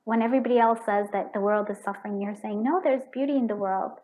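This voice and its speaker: A woman's voice: mid-range voice, fast, a little mellow, poor audio. A woman giving a pick-a-card tarot reading, effusive and emotional, with frequent restarts. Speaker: tarot reader.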